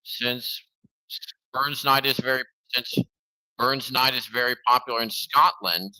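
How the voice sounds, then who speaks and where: Man, streamer, slow rambling chat, very bright voice, dry mic. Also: medium pitch, steady tone, no echo, rough recording. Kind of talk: casual stream commentary.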